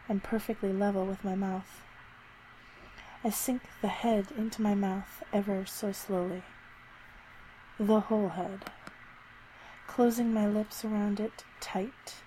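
A woman narrating a first-person erotic story in a slow, soft, intimate way. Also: mid-range voice, a little hiss or hum, rough recording.

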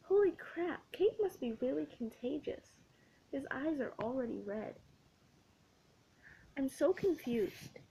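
A woman reading a comic story in first person, with wry, breathy asides. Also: sits high, expressive, slow, pauses often, dark tone, a little hiss or hum, poor audio. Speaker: audiobook reader.

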